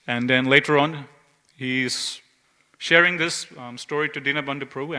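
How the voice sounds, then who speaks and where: Bright-voiced man telling a temple story. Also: medium pitch. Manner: narrates an anecdote with lively quoted dialogue. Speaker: speaker giving a class. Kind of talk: storytelling scripture class.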